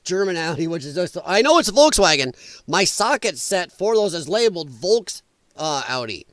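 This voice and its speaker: Animated, high-voiced man hosting a stream. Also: no echo. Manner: animated, rambling, quick to laugh. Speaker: livestream host reading chat. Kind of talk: casual political commentary stream.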